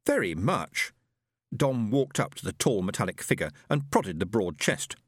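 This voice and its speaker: A man narrating a science fiction audiobook in a measured storytelling manner with lively inflection. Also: lowish voice, no room sound, studio quality.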